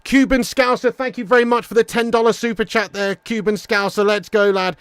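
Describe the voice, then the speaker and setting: A man hosting a live football watch-along, excitable and sweary, laughing as he reads out viewer messages. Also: high voice, brisk, smooth, dry recording. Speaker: livestream host.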